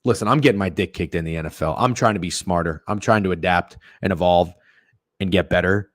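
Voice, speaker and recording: Male streamer, low-voiced, profane and opinionated, loud outbursts, dry close sound. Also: fairly quick, no room sound. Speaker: sports betting stream host. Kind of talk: casual livestream rant and chat reading.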